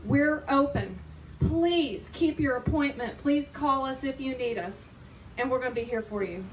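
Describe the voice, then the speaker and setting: A woman's voice: high voice, a little slow. A woman, emotional and near tears, making a statement at an outdoor press conference. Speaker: abortion provider representative. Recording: distant mic with faint ambient noise.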